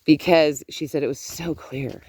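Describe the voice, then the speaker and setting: A woman's voice: low-pitched, fairly even intonation, normal speed, a little mellow, breathy edge, dry recording. An older woman, a grandmother, chatting casually on her vlog outdoors, telling a family story with laughs and asides. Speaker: vlogger. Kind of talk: casual chat.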